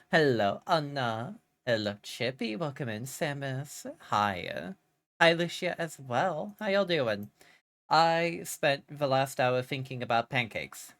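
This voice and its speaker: A young woman livestreamer chatting casually with her viewers, greeting them in a bubbly, playful way with sudden jumps up in pitch. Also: sing-song, slow pace, a bit bright, no echo.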